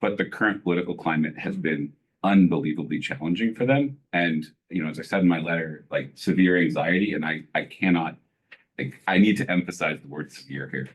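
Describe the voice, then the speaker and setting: A man speaking as a parent at a school board committee meeting, earnest and halting, with many fillers and restarts. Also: very deep voice. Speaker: parent giving public comment. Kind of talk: emotional public comment at a meeting.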